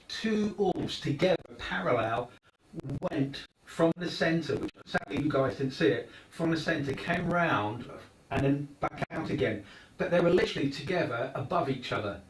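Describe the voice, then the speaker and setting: A man co-hosting a live studio show, explaining things in a rambling, halting way with many fillers. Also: a little high, slight background noise. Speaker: studio co-host. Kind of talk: live paranormal show talk. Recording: roomy studio, mic at a distance.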